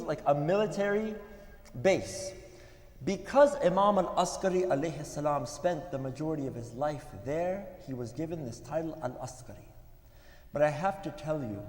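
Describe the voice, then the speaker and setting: A man giving a sermon at a religious gathering, telling stories in an earnest way with pauses. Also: on the high side, a little mellow. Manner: earnest, storytelling with pauses, some restarts. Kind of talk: sermon storytelling. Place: mosque hall. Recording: echoey hall with long reverb.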